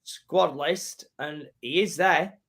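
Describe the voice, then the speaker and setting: A man's voice: on the high side, takes it slowly, fairly bright tone. A man co-hosting a live stream, chiming in with short, agreeing replies in a casual football chat.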